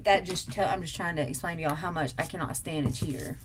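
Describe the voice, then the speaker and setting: A woman's voice: low-pitched, quick pace, background noise. A young adult woman, chatting casually and emphatically to viewers on a live stream as its host. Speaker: livestream host answering tag questions.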